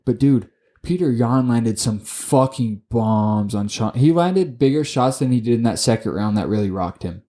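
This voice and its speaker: A young man co-hosting a sports podcast, swearing constantly and tripping over his words as he rushes through his opinions. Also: medium pitch. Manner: profane, excitable, stumbles and repeats words. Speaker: podcast co-host. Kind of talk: casual sports chat.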